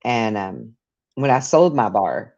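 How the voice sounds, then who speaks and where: Low-voiced woman telling rambling stories. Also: big pitch swings, takes it slowly, darkish tone. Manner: rambling storyteller, frequent restarts and laughs. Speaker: podcast host. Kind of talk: casual live chat. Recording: muffled lo-fi audio.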